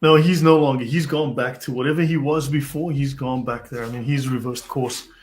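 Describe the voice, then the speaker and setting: A man hosting a relaxed discussion in a middle-pitched, unremarkable voice. He talks in a loose, rambling way, with plenty of "I mean" and restarts as he works out his point. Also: a little fast. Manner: rambling, hedges often with "I mean". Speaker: host. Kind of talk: casual conversational discussion.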